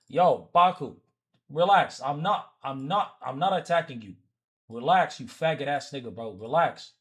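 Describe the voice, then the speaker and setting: A man streaming live, giving reaction commentary in heated, profane rants at viewers, with repeated oaths. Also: mid-range voice. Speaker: livestreamer.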